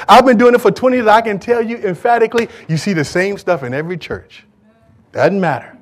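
Animated preaching man, higher voice. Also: brisk. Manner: animated preaching, swinging from loud to hushed, addressing the congregation. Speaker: pastor. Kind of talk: sermon.

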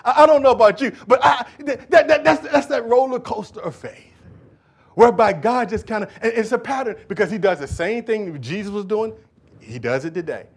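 A man preaching a sermon as pastor, building to loud, pleading calls and then dropping to quiet asides to the congregation. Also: high voice, brisk, breathy edge. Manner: preaching with rising shouted appeals and sudden drops to quiet asides.

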